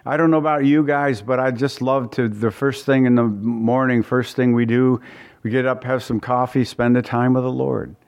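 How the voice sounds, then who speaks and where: A man's voice: medium pitch, steady tone, moderate pace, a little mellow, clear, resonant tone, muffled recording. A man preaching a conversational Bible-study sermon in a folksy way, often repeating words and asking his listeners questions.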